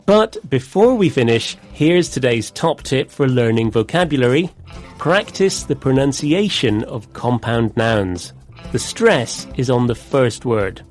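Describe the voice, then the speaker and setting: A man co-hosts an English vocabulary lesson, explaining compound words slowly and clearly. His pitch rises and falls a lot as he speaks, and there is faint music behind his voice in a dry studio. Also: animated. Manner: clear, measured explanations with demonstrated stress. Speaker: co-presenter of an English vocabulary programme. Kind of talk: scripted teaching dialogue.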